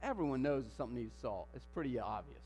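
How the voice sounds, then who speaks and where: A man preaching a sermon in a church, animated, firing rhetorical questions and building to emphatic declarations. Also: mid-range voice, fast talker. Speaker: pastor. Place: church sanctuary. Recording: long hall reverb with mains hum.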